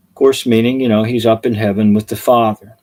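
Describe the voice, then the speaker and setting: A man preaching, telling funny illustrations with chuckles as an animated storyteller. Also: on the low side, fairly quick. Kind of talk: sermon illustrations, storytelling jokes.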